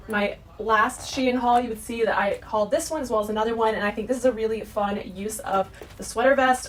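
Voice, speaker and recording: A fashion vlogger in her 30s bubbles along casually through a clothing try-on haul, sprinkling in "like" and "sort of" constantly. Her voice is a little high, with a bit of hiss or hum in the audio.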